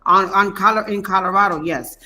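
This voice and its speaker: Slangy, animated woman telling a story. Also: mid-range voice, brisk, a crowd in the background. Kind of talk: casual storytelling chat.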